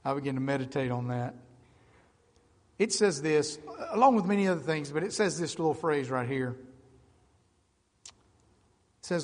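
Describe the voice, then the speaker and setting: A middle-aged male pastor preaching with passion, easing down into quiet, measured stretches and then swelling into loud, emphatic appeals. His voice sits a touch high for a man. It carries a long reverb through a large church sanctuary. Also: expressive. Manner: impassioned, building from quiet to loud emphatic calls. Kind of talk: sermon.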